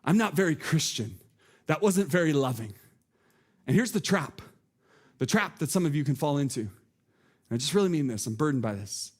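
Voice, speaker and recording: A man's voice: fairly high pitch, lively intonation, moderate pace, pauses often. A man preaching a sermon from a church stage, earnest and conversational, asking the congregation questions. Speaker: pastor.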